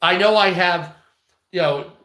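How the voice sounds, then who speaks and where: A man with a hoarse, strained voice, talking bluntly and profanely in a rambling vlog monologue. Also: sits high, unhurried, sharp tone, echoey room. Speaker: online video creator. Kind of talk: casual ranting monologue.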